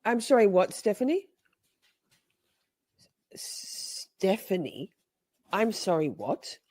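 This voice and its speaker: A woman's voice: medium pitch, big pitch swings, slow, warm tone, no room sound. A woman hosting a casual livestream, chatting with playful mock outrage and frequent laughter. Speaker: livestream host.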